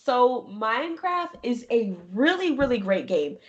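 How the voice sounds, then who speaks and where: A young adult woman, a gaming streamer, talking casually and expressively in an interview, often laughing and lively. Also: fairly high pitch, measured pace, muffled recording. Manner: animated and expressive, jumps into quoted voices, laughs often.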